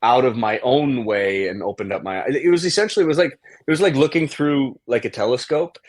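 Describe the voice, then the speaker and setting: A man's voice: medium pitch, fairly quick, no echo. A man from Germany, an actor, talking as an interview guest in a reflective, self-deprecating way with frequent restarts. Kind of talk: casual interview chat.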